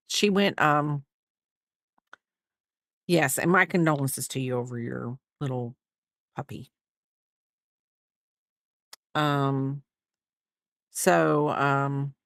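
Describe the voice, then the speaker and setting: A middle-aged woman from the United States speaks in a low voice while crocheting on a livestream. Chatty and rambling, she casually answers her viewers between stitches. The clean studio sound has no echo.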